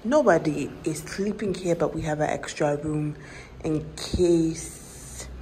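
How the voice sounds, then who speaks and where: A prim, theatrical lady, put on by a woman vlogger, tours an apartment in stiff, formal phrases with a French flourish. She speaks slowly in a lowish voice. A steady hiss of background noise runs under her. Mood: haughty. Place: rented apartment indoors.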